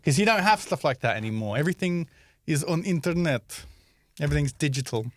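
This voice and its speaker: A male comedian in Moscow co-hosts a podcast, chatting casually and acting out little stories with different voices. His voice is a little high and fairly quick, with no echo.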